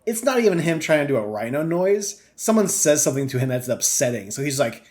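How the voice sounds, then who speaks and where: A man co-hosting a gaming podcast, talking casually, animated and swearing freely, with lots of fillers. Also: on the high side, fairly quick, hardly any pauses. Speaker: podcast co-host. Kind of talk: casual chat.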